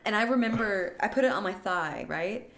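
A woman's voice: mid-range voice, moderate pace. A young woman co-hosting a podcast, animatedly retelling a movie and quoting its characters. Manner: animated storytelling, quotes characters. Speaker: podcast co-host. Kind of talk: casual movie recap chat.

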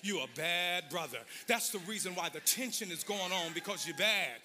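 A man preaches from a church stage, his voice sitting high for a man and very bright. He swings from chanted, shouted runs to easy, joking asides with his congregation. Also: moderate pace, slight background noise. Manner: preaching with rising, sung shouted cadences; conversational and playful with the congregation. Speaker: pastor. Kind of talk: sermon. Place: church sanctuary.

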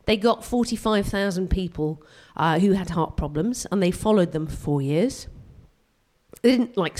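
A British woman performing live stand-up comedy at a venue, animated and self-mocking, jumping her voice up for punchlines. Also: mid-range voice. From Britain. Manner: animated and self-mocking, with quick vocal jumps.

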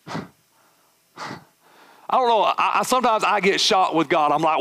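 A man preaching a sermon as a pastor, telling a personal story with animated, acted-out dialogue. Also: sits high, moderate pace, pauses often.

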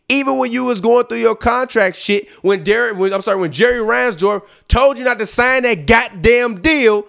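A man with a high, gravelly voice rants on his sports podcast. He talks emphatically and profanely. His outbursts swing into low, muttered asides. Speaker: podcast host. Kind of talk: heated sports rant.

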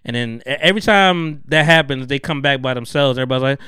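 A man's voice: mid-range voice, fast, clean tone, no echo, clean studio sound. An American man hosting a podcast, telling a story in casual, profane chat and acting out what people said. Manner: profane, animated storytelling, acts out quotes. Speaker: podcast host.

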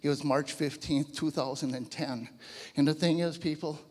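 A man in his fifties giving a personal testimony to a church audience, telling his story in an animated, conversational way. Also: on the high side, normal speed, breathy edge, big-room sound. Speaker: guest speaker giving a testimony. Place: large church hall before a live audience.

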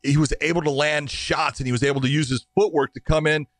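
A man's voice: fairly high pitch, steady tone, fast talker. A man working as a fight referee, chatting casually and telling stories, acting out what people said. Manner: storytelling, acts out quoted exchanges, profane. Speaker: MMA referee talking shop. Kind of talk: casual podcast chat.

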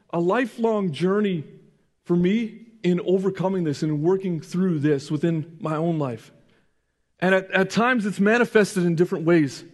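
High-voiced pastor preaching in a reverberant hall. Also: male voice. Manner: earnest, asks the congregation questions; frequent restarts and "right?" checks. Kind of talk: sermon.

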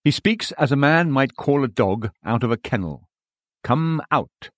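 A man's voice: mid-range voice, expressive, moderate pace, no room sound, clean studio sound. A man reading a sermon aloud in an earnest, exhorting manner.

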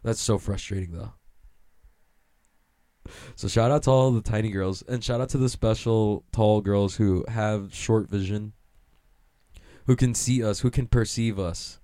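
Low, mellow-voiced young man riffing. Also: fairly even intonation, a little slow, long pauses, dry recording, clean studio sound. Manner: rambling, profane, self-mocking, laughs often. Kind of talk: casual comedic monologue.

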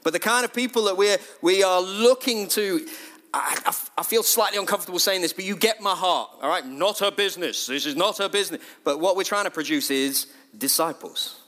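A middle-aged man, leading his church and preaching a sermon in a lively, conversational way. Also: sits high, brisk. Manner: lively, conversational, acts out quotes in a raised voice. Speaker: church leader.

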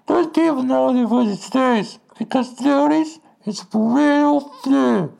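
A man imitating a young woman protest leader shouting angrily into a megaphone. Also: takes it slowly, creaky, full character voice, poor audio. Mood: rallying. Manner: shrill, furious rallying.

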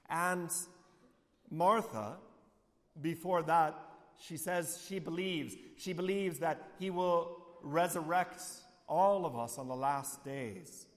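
A male priest delivers a homily in a slightly high voice. He speaks slowly and reflectively, falling quiet and low on key lines. His words echo with the long reverb of a large church hall.

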